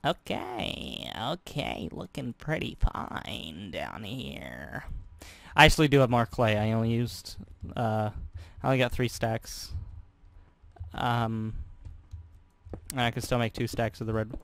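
Young male gaming YouTuber, medium pitch, loose rambling commentary, jokes to himself, counts under his breath. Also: a little slow, a bit bright, clean tone, dry recording. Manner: rambling, jokey, talks to himself while counting aloud. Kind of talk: casual gameplay commentary.

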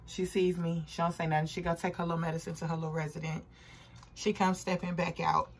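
A woman's voice: fairly low pitch, level tone, quick pace. A young woman vlogger telling a work story in a casual, blunt and profane way.

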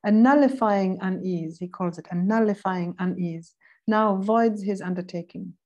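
Mellow-voiced woman leading a seminar. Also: mid-range voice, lo-fi sound. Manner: thoughtful, pauses to look up verse numbers; reads quoted passages slowly and deliberately. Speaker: seminar instructor. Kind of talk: philosophy seminar lecture.

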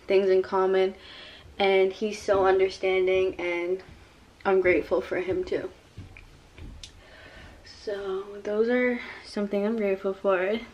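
A young woman vlogger talks at home at night, soft and heartfelt, wandering from thought to thought. Her pitch barely moves, giving an even, level delivery. Camera sits close by. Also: muffled recording. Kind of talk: casual chat to camera. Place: home at night, taking off makeup. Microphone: camera set down nearby.

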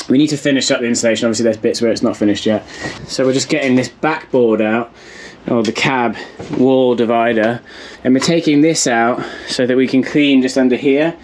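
A man's voice: mid-range voice, a little hiss or hum. An English man narrating a casual vlog as he works, chatty and full of ums and likes. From England. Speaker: vlogger.

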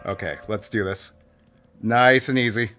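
A man streaming a game live, joking and swearing through his commentary with sudden loud outbursts. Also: fairly low pitch, unhurried, faint music behind. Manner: jokey, swearing, bursts into loud silly outbursts.

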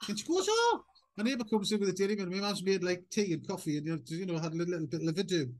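A man co-hosting an advice podcast, chatting cheekily and telling animated stories. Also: high-pitched, rapid-fire. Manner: cheeky, animated storyteller who imitates others. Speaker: podcast co-host, agony uncle. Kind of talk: casual comic chat.

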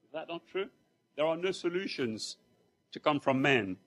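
Husky-voiced man preaching. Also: a little high, normal speed. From Mauritius. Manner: conversational, animated storytelling with asides to the congregation. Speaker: lay preacher. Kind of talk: sermon. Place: church.

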